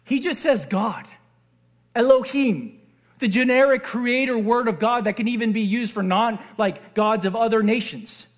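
Male pastor, sermon, animated, quizzes the congregation, very high voice. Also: moderate pace. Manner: animated, asks the audience questions.

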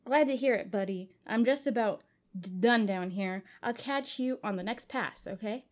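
A trapped spaceman shouts in desperate fury at the people who left him behind, as a woman reads him out. The lines come out loud and raw, like a storybook hero at the end of his rope. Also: on the high side, normal speed, lightly acted. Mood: casual. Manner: loud, angry outbursts. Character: desperate stranded male astronaut. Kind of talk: reading a story aloud.

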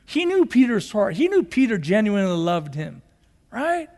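A man's voice: sits high, big pitch swings, moderate pace, gravelly, a little mellow, big-room sound. A man, a pastor, preaching a sermon and acting out quoted dialogue with animation.

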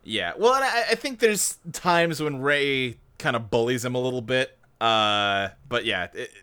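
A man co-hosting a podcast in casual chat, wry and quick to laugh. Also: medium pitch, clean tone. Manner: laughs often, animated and wry. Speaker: podcast co-host.

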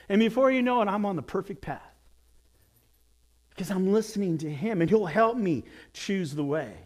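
A man preaching a sermon as pastor, telling stories and jokes with lively acted quotes. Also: high-pitched, normal speed.

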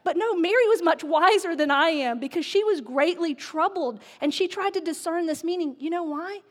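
A woman's voice: extremely high pitch, moderate pace. A woman pastor giving a sermon, candid and self-mocking in her delivery. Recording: echoey hall with long reverb.

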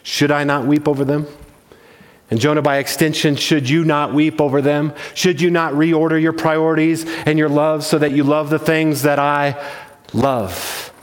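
A man with a slightly high voice delivers an earnest, emphatic sermon as pastor. He often restarts his phrases while pressing his points. His voice rings with the long reverb of a church hall. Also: level tone, moderate pace.

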